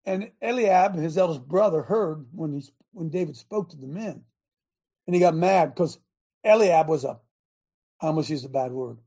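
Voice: mid-range voice, animated, moderate pace, mellow, slightly rough. A preacher delivering a dramatic sermon, retelling scripture loosely and calling the congregation to answer amen.

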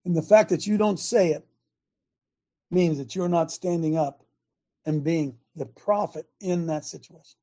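Fervent preaching man, high and dark-toned. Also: a little slow. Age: older. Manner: fervent, emphatic, swings between loud and quiet. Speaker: show host, former football coach. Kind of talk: impassioned preaching rant.

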